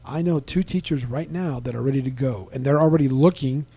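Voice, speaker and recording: A middle-aged man hosting a casual podcast, talking in a halting, rambling way with many restarts and fillers, livening up when he quotes other people. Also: medium pitch, dark tone, slightly rough, no room sound. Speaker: podcast host. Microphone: desk microphone.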